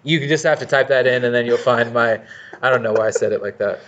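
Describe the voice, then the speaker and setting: A man co-hosting a laid-back podcast, rambling through his thoughts in loose slang with the odd curse word. His voice sits at an ordinary middle pitch, and the recording sounds dull and lo-fi. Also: quick pace, fairly bright tone. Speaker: podcast co-host. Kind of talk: casual chat.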